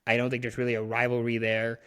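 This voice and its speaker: A man's voice: mid-range voice, monotone, fast talker, sharp tone, clean tone. Canadian guy on a sports podcast, mid voice, chatty, keeps restarting his sentences. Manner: rambling, frequent fillers and restarts. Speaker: podcast co-host. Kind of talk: casual sports chat.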